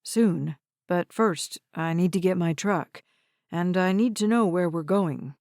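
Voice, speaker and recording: A woman voicing a calm, reassuring man who takes charge. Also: lowish voice, unhurried, dry recording, clean studio sound. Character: steady, calm man, a handy neighbor.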